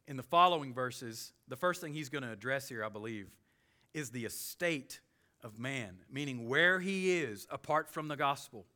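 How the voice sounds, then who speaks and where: A man's voice: a little high, pushed and bright. A man preaching a verse-by-verse sermon in a conversational, emphatic way, raising his voice when he quotes scripture. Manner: conversational, emphatic, quoting scripture with rising intensity. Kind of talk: expository sermon.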